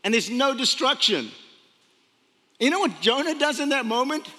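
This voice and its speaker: A man preaching a sermon, retelling a story with animated voices for its characters. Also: very high-pitched, normal speed. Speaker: pastor. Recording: long hall reverb.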